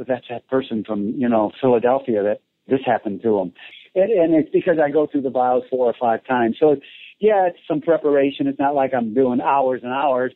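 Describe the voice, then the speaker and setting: A man's voice: mid-range voice, dry recording. A man, a race announcer, telling stories in a casual interview, acting out voices and laughing often. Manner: animated storyteller, acts out voices, laughs often. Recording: tinny phone line.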